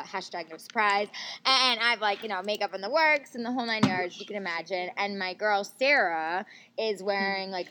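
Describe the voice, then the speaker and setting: A woman's voice: medium pitch, pushed and bright, rough recording. A young woman co-hosting a podcast, telling a wild story in a casual, giggly way with lots of fillers, recorded at a birthday barbecue. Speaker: podcast co-host.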